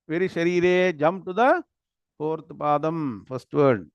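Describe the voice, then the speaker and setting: A man with an Indian English accent leads a scripture lesson at a very slow, deliberate pace, sounding out each word and checking that students follow. His voice sits a little high, and the recording is dry and close. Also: smooth, no echo. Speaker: Gita and Vedanta teacher. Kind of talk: online scripture class.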